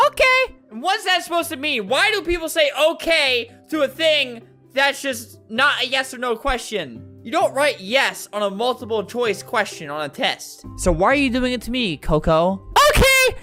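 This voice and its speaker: A bright, sharp-toned voice giving casual gameplay commentary, with a very animated pitch that swings up and down. The delivery is sarcastic and exasperated, often breaking into laughter. Faint game music plays underneath. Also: moderate pace, hardly any pauses. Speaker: gaming video creator.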